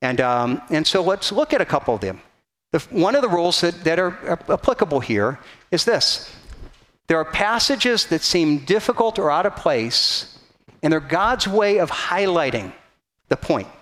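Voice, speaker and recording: High-voiced man preaching a sermon. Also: very animated, normal speed, a bit bright. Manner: conversational teaching, frequent restarts, quoting scripture. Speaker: pastor.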